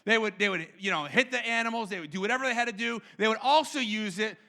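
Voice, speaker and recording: A man preaching a sermon in an animated way, acting out quotes and often repeating himself. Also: high-pitched, fast. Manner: repeats words and restarts often. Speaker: pastor.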